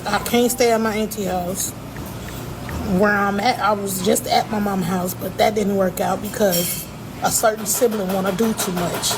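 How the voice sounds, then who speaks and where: A woman's voice: mid-range voice, fairly even intonation, normal speed, background noise. A woman talking to her viewers on a live stream, rambling and repeating herself as she confides in them.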